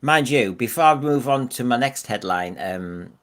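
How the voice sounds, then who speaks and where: A man co-hosting a casual podcast, voicing strong opinions and firing off rhetorical questions. His voice sits at a middling pitch. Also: animated, moderate pace, fairly bright tone. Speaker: podcast co-host.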